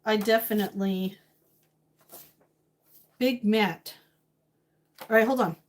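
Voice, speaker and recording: A woman with a steady, mid-range voice speaks slowly while cooking at home. She chats casually with viewers, reads their comments, thinks aloud, and hums to herself between remarks.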